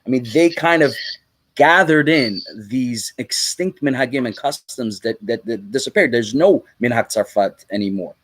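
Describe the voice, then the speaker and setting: A man's voice: mid-range voice, normal speed, no echo, poor audio. An American man hosting an interview, enthusiastic, with stammering restarts. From United States. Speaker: interview host. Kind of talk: conversational interview.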